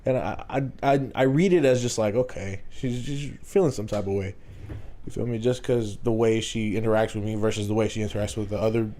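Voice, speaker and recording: A man's voice: lowish voice, brisk, mellow. A man co-hosting a podcast, telling a rambling, profane workplace story with frequent laughs. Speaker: podcast co-host. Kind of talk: casual storytelling chat.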